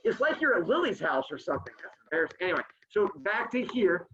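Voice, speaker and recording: A man's voice: sits high, very animated, fast, a bit bright, slight background noise. A male teacher reading a story aloud to his class over a video call, joking with the students between passages. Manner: playful, joking asides to students. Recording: dull lo-fi sound.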